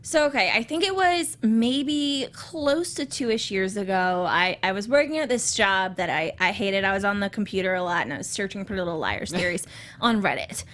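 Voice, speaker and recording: A woman's voice: mid-range voice, expressive, normal speed, fairly bright tone. A woman guest in a casual chat, talking enthusiastically with frequent restarts. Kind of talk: casual chat about a TV show.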